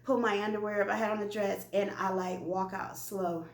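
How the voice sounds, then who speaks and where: Woman vlogger spilling a personal story, animated, talks right to the viewers, echoey room. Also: medium pitch, normal speed. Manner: animated, chatty, addresses viewers directly.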